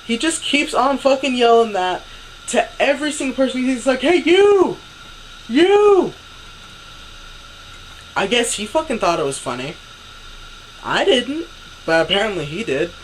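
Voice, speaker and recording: A man's voice: extremely high pitch, very animated, normal speed, fairly bright tone, slight background noise, rough recording. Exasperated young man ranting a story. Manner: exasperated, swearing, acts out quotes. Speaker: vlogger.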